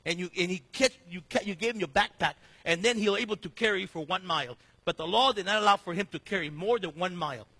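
Animated high-voiced male preacher in an echoey hall. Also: fast talker, few pauses, slightly rough. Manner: animated preaching with sudden shifts between loud and hushed. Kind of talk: sermon.

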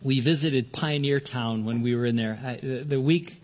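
An older man from Southern California preaching a sermon earnestly, often restarting words and lifting his pitch to stress a point. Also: moderate pace, a little mellow. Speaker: pastor.

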